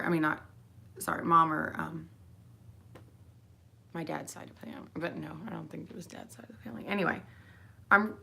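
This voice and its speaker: A deep, gravelly voice, pushed and bright, belongs to a tired young mother speaking to her daughter. She meanders through a rambling monologue, using lots of fillers and breaking off mid-sentence to restart.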